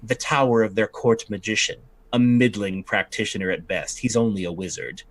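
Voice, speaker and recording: A man's voice: fairly low pitch, normal speed, pitched below the performer's own voice, lightly acted. A man voicing a sly, imperious witch woman who curses when crossed, in a tabletop game. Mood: measured. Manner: tart, cursing when crossed.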